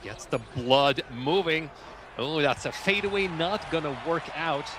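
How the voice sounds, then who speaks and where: A man's voice: on the high side, lively intonation, unhurried, background noise. A man giving live color commentary on an esports basketball game, laid-back and playful.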